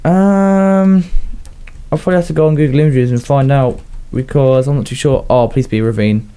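A young man with a Southern English accent talks his way through a game in loose, rambling commentary. His voice is mellow and warm, sitting at an ordinary pitch, and he often chuckles at his own asides. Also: moderate pace, clean tone. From southern England. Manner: rambling, self-chatting, laughs at his own jokes. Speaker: gaming YouTuber. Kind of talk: casual Minecraft commentary.

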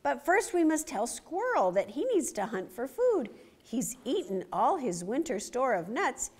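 A woman's voice: high voice, very animated, measured pace, husky, full character voice. A woman voicing a sleepy, sad male porcupine in a storybook read-aloud, speaking mournfully. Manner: mournful, snuffling.

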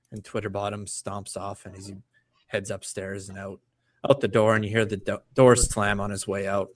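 A man's voice: lowish voice, normal speed, far from the mic. Man telling a tabletop adventure as game master. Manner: lively storytelling, slipping into character voices. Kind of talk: narrating a tabletop game online.

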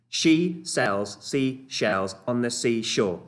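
Male children's club leader, playful and encouraging, medium pitch. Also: lively intonation, a little slow, fairly bright tone. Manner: playful, encouraging, mock-exasperated exclamations. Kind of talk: online children's club presentation.

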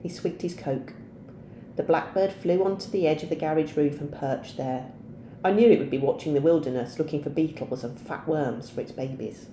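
Teacher lady reading a novel aloud, low mellow voice, echoey room with faint hum. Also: normal speed.

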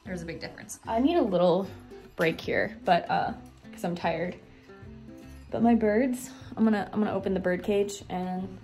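A woman's voice: mid-range voice, moderate pace, warm tone. A woman talking casually and enthusiastically in a home how-to vlog, with plenty of fillers. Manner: chatty, enthusiastic, lots of fillers. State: breathing heavily. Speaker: vlogger. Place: home office room. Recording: echoey room, faint music.

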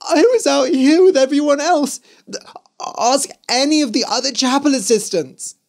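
Man putting on a tearful, high young girl. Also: moderate pace, vocal fry. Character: upset young girl accused of lying.

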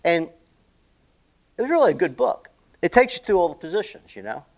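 A man tells a long golf story in a loose, rambling monologue, swearing now and then. His voice sits a little high and swings widely up and down. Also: fairly quick. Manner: rambling, animated, salty. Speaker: golf vlogger.

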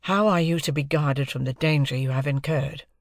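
A man voicing a fearful, strained young gentleman who asks tense, pleading questions. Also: fairly high pitch, normal speed, vocal fry, no echo, clean studio sound. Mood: anxious.

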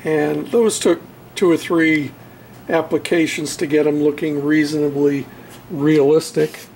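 A man in his home hobby workshop, casually showing his model railroad backdrop in an unhurried, halting way with lots of fillers. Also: fairly high pitch, steady tone, darkish tone, a little hiss or hum. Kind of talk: casual show-and-tell.

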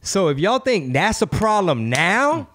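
A man's voice: sits high, sing-song, a bit bright. Profane, riffing male podcast host. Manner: profane, riffing, breaks into quick impressions. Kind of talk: casual comedic podcast chat.

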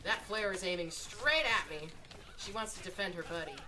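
A woman giving live gameplay commentary from home, excitable and swearing, drifting into self-mocking asides between plays. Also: fairly low pitch, normal speed. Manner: excitable, swearing, shrieks at game moments. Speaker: gaming video creator. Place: room at home.

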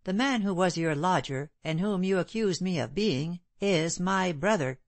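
A woman voicing a calm, stern gentleman in an audiobook, cold and composed. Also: fairly low pitch, normal speed, no room sound, natural voice.

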